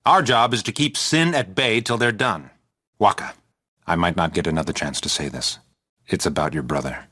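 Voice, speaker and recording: An actor playing a steady, dutiful male soldier with a firm, low-key manner in a game. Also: normal speed.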